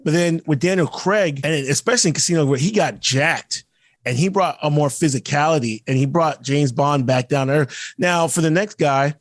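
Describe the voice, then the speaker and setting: A man's voice: a little high, normal speed, no echo, clean studio sound. A man co-hosting a podcast, rambling through casual chat with lots of restarts and some cursing. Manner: rambling, profane, frequent restarts. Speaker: podcast co-host.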